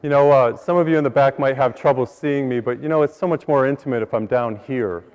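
Joking priest in a reverberant church. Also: male voice, medium pitch, quick pace, a little mellow. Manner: folksy storyteller, telling jokes to a live congregation. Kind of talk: joke-filled sermon. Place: large church. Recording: long church reverb, dull sound. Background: congregation laughing.

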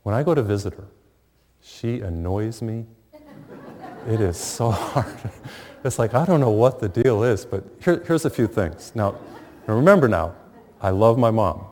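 A middle-aged man preaching a sermon, telling a funny family story with lively pauses and warmth of humor. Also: lowish voice. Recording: long hall reverb.

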